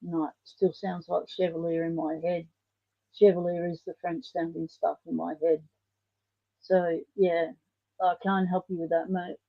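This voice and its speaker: A woman's voice: fairly low pitch, flat delivery, a little slow, gravelly, dry recording. An Australian woman hosting a casual livestream, chatting in a rambling way and answering viewer comments. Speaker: livestream host. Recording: dull lo-fi stream audio.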